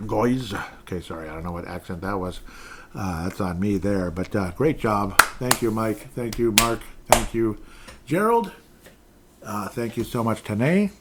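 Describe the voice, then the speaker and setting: Man hosting rambling sports podcast talk, low voice. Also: normal speed. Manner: rambling, chatty, with restarts and laughs. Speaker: podcast host. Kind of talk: solo sports podcast, reading listener comments.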